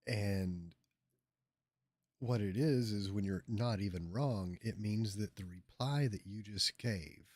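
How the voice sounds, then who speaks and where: A man's voice: fairly low pitch, slow, darkish tone, no room sound, clean studio sound. A man hosting a livestream, giving sarcastic, mocking political commentary and ranting over clips. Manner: sarcastic, ranting, mocks by repeating. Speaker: livestream host.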